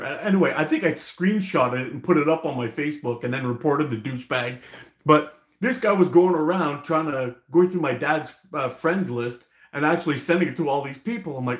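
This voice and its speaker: A man's voice: a little high, expressive, normal speed, a bit bright, roomy sound. A man hosting a casual live stream, rambling, laughing often and swearing freely.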